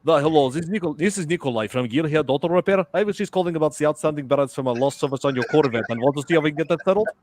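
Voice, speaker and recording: A man's voice: fairly high pitch, very fast, hardly any pauses, darkish tone, slight background noise, lightly acted. A man putting on a fake Russian accent to voice a pushy male auto repair clerk on a prank call. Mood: businesslike. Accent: put-on Russian. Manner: pushy, indignant.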